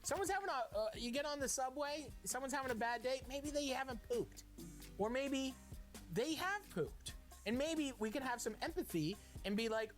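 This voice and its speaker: A man hosting a cooking show, playful and excitable, cracking crude jokes as he cooks. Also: very high voice, normal speed, faint music behind. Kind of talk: energetic cooking demonstration.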